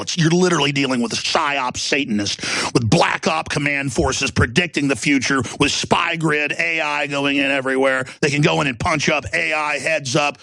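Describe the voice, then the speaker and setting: A man's voice: a little high, creaky, sharp tone, dry recording. A male talk show host delivering an impassioned, rambling, theatrical rant. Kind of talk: ranting monologue.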